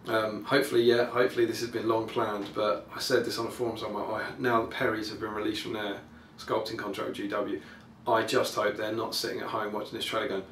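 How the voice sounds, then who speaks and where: A man's voice: on the low side, level tone, quick pace, a bit bright. A man hosting a podcast, giving casual, rambling and enthusiastic commentary full of ums. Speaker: podcast host. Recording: echoey room, faint background noise.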